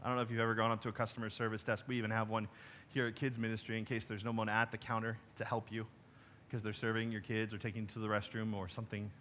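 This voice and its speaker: A man, a pastor, preaching a sermon from a church stage, moving between quiet, intimate passages and loud, emphatic ones. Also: fairly low pitch, little pitch movement, quick pace, a little hiss or hum.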